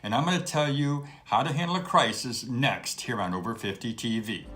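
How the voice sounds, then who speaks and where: A man's voice: mid-range voice, moderate pace, pushed and bright, soft background music. A middle-aged man hosting an advice show, talking to camera in a conversational, emphatic way and repeating his key points. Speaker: host.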